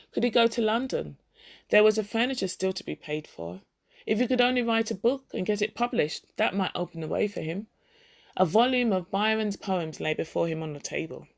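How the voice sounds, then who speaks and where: A woman reading a classic short story aloud at a measured pace, stopping now and then to spell out and define a word. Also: mid-range voice, gravelly. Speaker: story reader.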